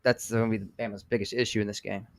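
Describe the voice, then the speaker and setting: Chill guy talking football picks, smooth clear voice, dry mic. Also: fairly low pitch, flat delivery, quick pace, dry recording. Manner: laid-back, plain-spoken, says "man". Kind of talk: casual sports talk.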